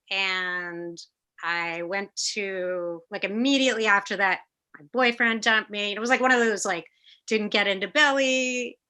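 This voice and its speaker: A middle-aged woman speaking as an interview guest over a video call. She tells stories in a lively, casual way, acts out the other people in them and swears freely. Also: medium pitch. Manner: animated, acts out quoted voices, swears casually. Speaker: guest musician.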